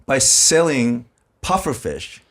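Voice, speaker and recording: A man's voice: mid-range voice, sing-song, takes it slowly, fairly bright tone. A man from Japan with a Japanese accent, a podcast co-host telling comic stories casually and laughing through them. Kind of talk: casual comedic storytelling.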